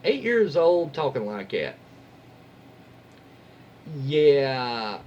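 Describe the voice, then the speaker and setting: A man narrates internet stories in an easygoing, chatty way, his pitch rising and dipping with a lively swing. He keeps cutting in with folksy, wry remarks and jokes he censors himself, while a faint hum sits behind him. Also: drawn-out words, muffled recording. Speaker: YouTube host reading Reddit stories. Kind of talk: casual story reading with commentary.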